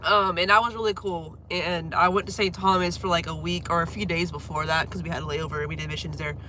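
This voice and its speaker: Her voice lowish, steady and sharp, a young woman talks fast on a home livestream, chatting casually while apologizing for coughing through a cold that leaves her congested. She's a livestreamer and singer, and slight background noise can be heard.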